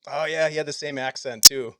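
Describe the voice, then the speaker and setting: A man's voice: fairly high pitch, fairly even intonation, fairly quick, heavy background noise. A man hosting a tabletop game as game master, talking with fillers and restarts. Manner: warm-up patter, hesitant fillers.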